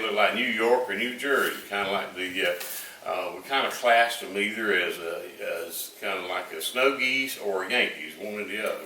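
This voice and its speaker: A man's voice: fairly low pitch, sharp tone, reverberant, recorded from a distance, slight background noise, poor audio. Older Southern man telling a folksy story. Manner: rambling, folksy, with many fillers.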